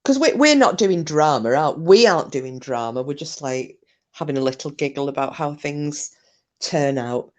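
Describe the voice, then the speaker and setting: Low-voiced woman chatting on a livestream. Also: lively intonation, moderate pace. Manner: chatty, sweary, laughs easily. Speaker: livestream host. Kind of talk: casual chat reading live comments.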